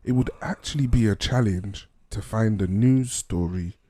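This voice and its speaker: Male podcast co-host, low pitch, mellow dark tone, dry close sound, unhurried and easygoing. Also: no room sound. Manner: laid-back, measured, short agreeing replies. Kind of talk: casual chat. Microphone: podcast studio mic.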